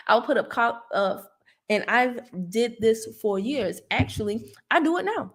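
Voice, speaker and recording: Southern American woman, credit tips host, high voice, animated and preachy. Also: measured pace. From Southern United States. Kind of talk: casual talk, answering a viewer.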